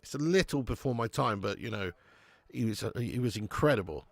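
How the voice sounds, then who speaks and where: A man's voice: medium pitch, lively intonation, a little fast, vocal fry, no echo. A man hosting a live football watch-along, chatting casually and swearing freely. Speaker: host.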